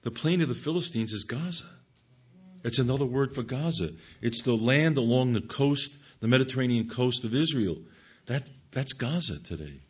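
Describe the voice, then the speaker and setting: A man's voice: medium pitch, animated, normal speed, slightly rough. A man giving an expository Bible teaching, reading scripture aloud and stressing points emphatically to his listeners.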